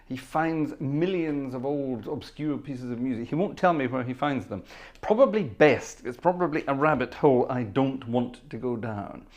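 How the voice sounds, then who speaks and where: A man's voice: mid-range voice, normal speed. A man hosting a home organ livestream, chatting casually and greeting viewers by name with jokes, wearing headphones. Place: home music room.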